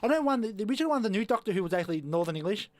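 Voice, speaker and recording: A man's voice: high-pitched, very animated, very fast, dry recording. A man hosting a podcast, teasing and joking in casual chat. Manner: teasing and jokey. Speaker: podcast host.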